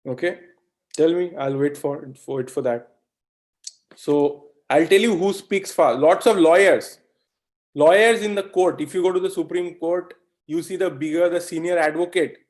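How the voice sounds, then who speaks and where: A man from India gives a live online lesson with a slightly raised pitch. He keeps it conversational, peppering his points with "okay?" and direct questions to the audience, and now and then mimics fast talkers for effect. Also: a little mellow. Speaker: webinar instructor.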